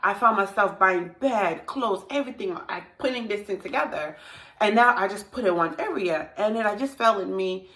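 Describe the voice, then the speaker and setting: A woman's voice: mid-range voice, normal speed, fairly bright tone, echoey room. A young woman sharing her personal faith testimony, earnest and confiding, often repeating her phrases. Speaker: testimony vlogger.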